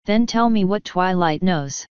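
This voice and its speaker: A proud, cornered elder princess from a storybook, defensive and quavering, voiced by a woman reading aloud. Her tone is low and very smooth. The sound is dry and dull. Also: a little slow, no echo, close to an everyday voice. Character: proud, desperate elder princess mare, secretive. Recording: dull lo-fi recording.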